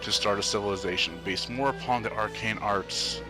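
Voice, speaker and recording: A man narrating as dungeon master of a tabletop game, describing scenes with halting restarts and fillers. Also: on the low side, music in the background.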